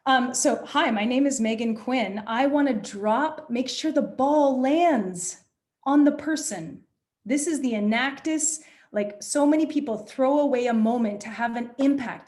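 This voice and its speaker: Energetic woman coaching presentation skills. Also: fairly high pitch, a little slow. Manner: energetic, animated, demonstrative. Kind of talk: online workshop lecture.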